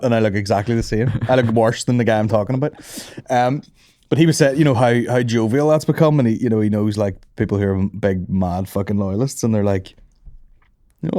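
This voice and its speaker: A man's voice: mid-range voice, warm tone. A man hosting a comedy podcast, rambling and swearing as he chats. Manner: sweary, rambling, quick to laugh. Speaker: podcast host. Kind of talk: casual comedy chat.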